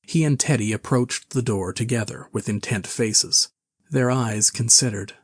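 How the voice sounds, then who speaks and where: A man reading a classic novel aloud with measured, even storytelling. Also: medium pitch, husky, no echo, clean studio sound. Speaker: narrator. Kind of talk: scripted narration of a classic novel.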